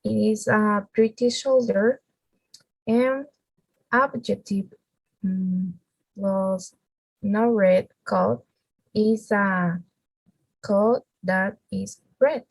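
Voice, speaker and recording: Non-native woman presenter, slow and gravelly, dry close sound. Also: mid-range voice, fairly even intonation, no room sound, rough recording. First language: Spanish. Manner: halting, with restarts and fillers. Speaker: student presenter. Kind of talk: reading a class presentation.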